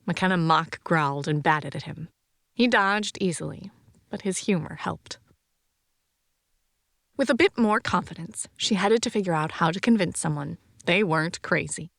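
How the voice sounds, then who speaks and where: A woman reading a science fiction audiobook in an even, measured narration. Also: lowish voice, vocal fry, no room sound, studio quality.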